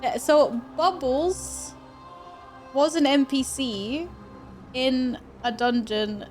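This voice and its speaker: A woman's voice: sits high, very slow. A woman livestreaming a game, chatting casually with viewers, thanking tippers and reacting expressively. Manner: expressive, often laughing. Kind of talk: casual live-stream chat with viewers. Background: in-game music.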